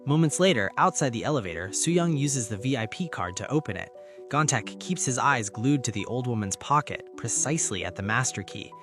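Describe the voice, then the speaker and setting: A man narrating a comic story recap in steady scripted storytelling. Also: medium pitch, brisk, over music.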